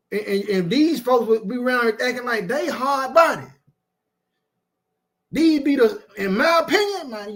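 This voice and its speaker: A man preaching an informal sermon, emphatic and repetitive, with streetwise phrasing and frequent asides of "man". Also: extremely high pitch.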